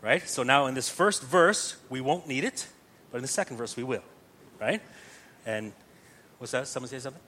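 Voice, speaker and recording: A man's voice: medium pitch, moderate pace, long pauses, pushed and bright, slight background noise. A man teaching Gregorian chant to a group, explaining patiently step by step and often checking in with "right?".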